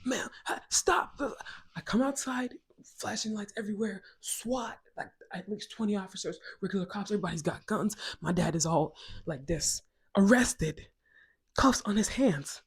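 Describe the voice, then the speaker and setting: Twenties woman from west africa doing a storytime vlog, laughs a lot, chatty asides, medium pitch. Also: normal speed, breathy edge. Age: 20s. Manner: animated, laughing often, chatty asides to viewers. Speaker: storytime vlogger. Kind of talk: casual storytelling to camera.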